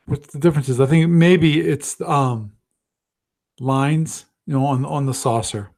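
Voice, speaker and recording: A man with a medium-pitched, steady, slightly mellow voice speaks a little slowly while hosting a gaming livestream. He chats casually and thinks aloud, often restarting and making self-deprecating asides.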